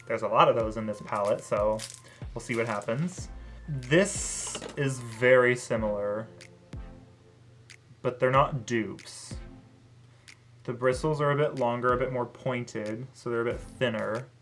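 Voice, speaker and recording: Beauty vlogger, casual review read: chatty filler-heavy delivery, sassy, profane, prone to loud excited outbursts. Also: medium pitch, measured pace, pauses often, faint music behind. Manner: bursts into loud excited exclamations; sassy, swears freely.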